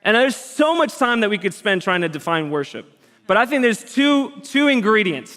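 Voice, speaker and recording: A man preaching a sermon as a pastor, earnest and conversational, with lively emphasis. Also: a little high. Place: church auditorium. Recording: long hall reverb.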